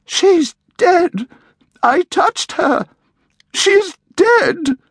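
A man doing a shrill hysterical dowdy woman. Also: huge pitch swings, a little slow, a bit bright, no echo, studio quality, heavily acted. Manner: shrill, panicked outbursts.

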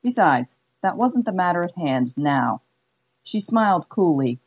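A woman narrating an audiobook in a measured, wry way. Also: on the low side, big pitch swings, slightly rough. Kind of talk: scripted narration.

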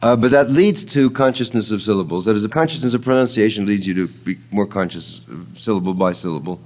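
A man's voice: fairly low pitch, fast talker, darkish tone. A man giving an informal lecture on poetry, thoughtful and digressive, sprinkling in uh fillers and tapping out rhythms with ta-ta syllables. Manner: frequent uh fillers, chuckles at own remarks. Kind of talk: informal spoken lecture on poetics.

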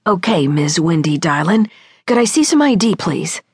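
A woman voicing a gruff, deadpan middle-aged male detective who talks curtly with his mouth full. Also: lowish voice, takes it slowly, full character voice. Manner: chewing while talking, curt.

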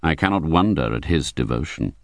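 A cold, smooth gentleman speaks in a deep, measured voice, as a man puts him on. The storybook recording is close and dry, with no room sound. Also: lively intonation, no room sound, full character voice.

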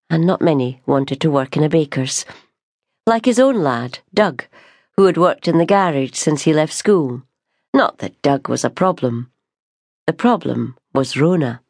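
A woman, reading a novel aloud in a measured, unhurried storytelling manner. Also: low voice, darkish tone, no room sound, studio quality. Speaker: audiobook narrator. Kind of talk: scripted narration.

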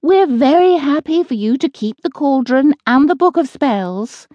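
A woman voicing a kindly, sensible witch who talks gently and patiently, in a close dry studio recording. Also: high-pitched, lively intonation, a little slow, dry recording, dull audio, pitched above the performer's own voice.

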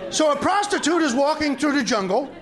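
A man with a high, very lively voice tells rapid-fire raunchy jokes, laughing at his own punchlines. His pitch swings all over as he plays the characters. Audience laughter comes through on the recording. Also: a crowd in the background. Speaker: comedian. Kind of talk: stand-up joke telling.

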